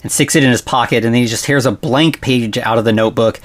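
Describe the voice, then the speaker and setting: A man hosting a podcast who recaps a film in casual, rambling chat, full of "like" and "you know" and quick laughs. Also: medium pitch. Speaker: podcast host.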